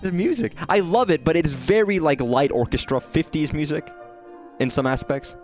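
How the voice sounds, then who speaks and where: A man's voice: on the high side, normal speed, a little mellow, soft background music. A man commenting casually while streaming a game, chatty and echoing lines from the game in voices. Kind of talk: live gameplay commentary.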